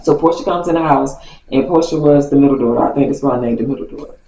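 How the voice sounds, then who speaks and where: A woman telling a story from her childhood to her viewers in a chatty, animated way. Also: a bass voice, fast talker, slight background noise. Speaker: vlogger. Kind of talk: casual storytime. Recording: roomy, distant from mic.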